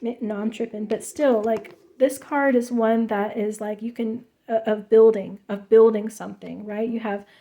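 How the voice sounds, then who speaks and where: A woman's voice: on the high side, fairly even intonation, moderate pace, hardly any pauses, warm tone. Emphatic, chatty woman reading tarot. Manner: emphatic, chatty, many fillers and restarts. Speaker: tarot reader. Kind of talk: casual spoken tarot reading.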